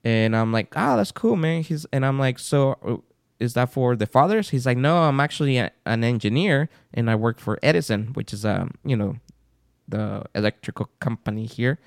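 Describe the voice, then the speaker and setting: A man's voice: medium pitch, normal speed, no echo, studio quality. A man co-hosting a podcast, telling a story in a casual chat and acting out the people in it. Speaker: podcast co-host.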